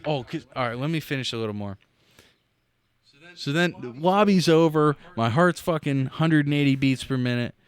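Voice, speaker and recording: In casual podcast chat, a middle-aged co-host recounts a game story with swearing and mouth-made sound effects. His slightly high voice has a clean tone and moves at a moderate pace.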